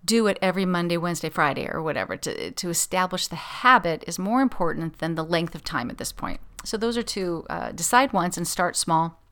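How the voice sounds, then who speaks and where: A woman with a slightly low voice hosts her podcast from a home office at a desk. She chats casually and rambles, with plenty of ums, uhs and restarts. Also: expressive, a little fast, few pauses, fairly bright tone. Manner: chatty, rambling, many fillers and restarts. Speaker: podcast host. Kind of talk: casual chat.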